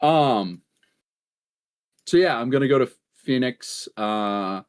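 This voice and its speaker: A man's voice: medium pitch, animated, takes it slowly, clear, resonant tone. A man co-hosting a gaming podcast in casual chat, rambling through stories, laughing often and swearing offhandedly. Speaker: podcast co-host.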